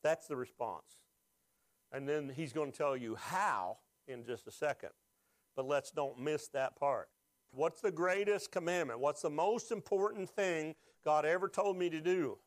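A man's voice: fairly high pitch, measured pace, dry recording. A pastor preaching a sermon, asking the congregation questions and rising with emotion as he is moved.

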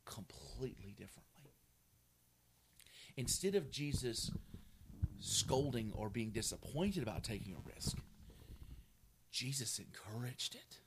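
A man preaching a sermon as a pastor, telling a story with animated energy and laughter. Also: medium pitch, a little slow, long pauses, noisy background.

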